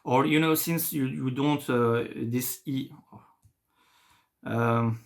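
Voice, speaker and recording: A young man with a French accent, a native French speaker explaining a beginner French lesson in English in a lively, encouraging way. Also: medium pitch, takes it slowly, creaky. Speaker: French teacher.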